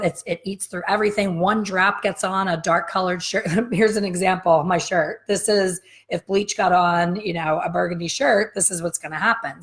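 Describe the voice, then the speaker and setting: A woman in her fifties with a fairly low-pitched voice teaches hair coloring in a live coffee-chat lesson. She speaks to her viewers directly, frankly and with emphasis.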